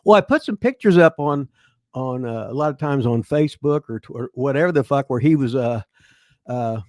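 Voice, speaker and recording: A man in his seventies from Indiana, USA, hosts a casual storytelling chat, his medium-pitched voice animated, darkish in tone, and at normal speed. He rambles through profane anecdotes from his past, full of restarts, on a dry, studio-quality recording.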